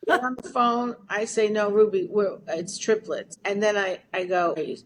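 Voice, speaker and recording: A woman's voice: medium pitch, steady tone, moderate pace, slight background noise. An older woman, a podcast guest telling a long story bluntly and with salty swearing. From Brooklyn, New York. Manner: brash, blunt, swears freely.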